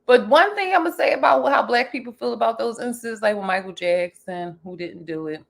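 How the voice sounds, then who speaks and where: A woman's voice: on the high side, fairly quick, creaky. Heated woman co-host. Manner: heated, talks over her co-host. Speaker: podcast co-host. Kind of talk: casual chat.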